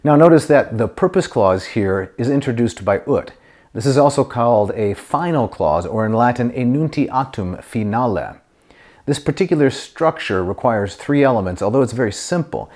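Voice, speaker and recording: A middle-aged man teaching Latin grammar, explaining step by step and reading Latin phrases slowly and clearly. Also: medium pitch, lively intonation, a little mellow. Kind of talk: grammar lesson to camera.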